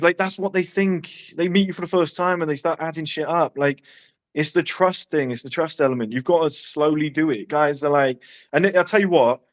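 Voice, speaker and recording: A man giving brash, profane dating advice in casual podcast chat. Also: a little high. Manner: brash, swearing, quick one-liners.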